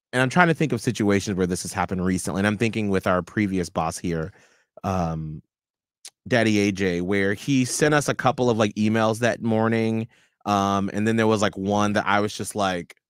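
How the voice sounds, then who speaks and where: A man co-hosting a radio show, telling stories in animated casual chat and swearing freely. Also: lowish voice, moderate pace, smooth, no room sound, studio quality. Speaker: radio co-host.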